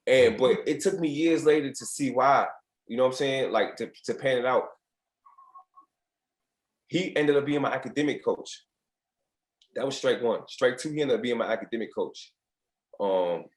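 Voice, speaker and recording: A man's voice: mid-range voice, moderate pace, pauses often, roomy sound. A man in his late twenties from Virginia telling stories as a podcast guest, candid and profane, often acting out what others said. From United States, Virginia. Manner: candid, profane, reenacts quotes in other voices. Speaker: podcast guest, former basketball player. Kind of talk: casual storytelling interview.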